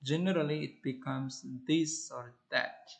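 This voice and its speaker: Slow, deliberate male English teacher. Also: a little high, rough recording. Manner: slow, deliberate, measured reading. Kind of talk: reading a grammar lesson aloud.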